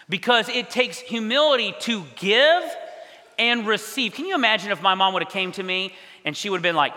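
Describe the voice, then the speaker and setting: A male pastor telling a story in a sermon, animated, acting out quoted voices. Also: high-pitched, brisk. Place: church hall. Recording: long hall reverb.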